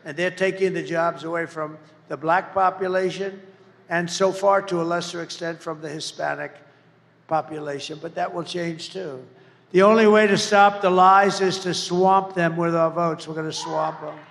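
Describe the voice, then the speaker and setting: A man's gravelly, rather high voice carries through a large rally hall with long echoing reverb. He speaks as a political candidate, rambling from point to point, mocking his opponents and hammering home lines with shouted emphasis. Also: steady tone, moderate pace. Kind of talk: campaign rally speech.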